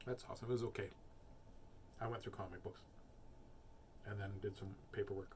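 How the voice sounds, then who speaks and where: A man's voice: fairly low pitch, steady tone, brisk, a little mellow, slight background noise. A man hosting a children's book reading show, chatting in a playful, silly, rambling way before reading picture books aloud.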